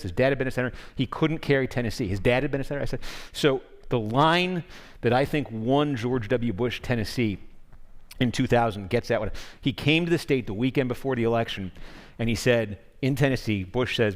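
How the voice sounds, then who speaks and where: An earnest man explains at length to an audience at a public forum, often breaking off and restarting his sentences. His voice sits at a middle pitch for a man. A long reverb from a large hall trails behind every phrase. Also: fast talker. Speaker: guest speaker, political correspondent.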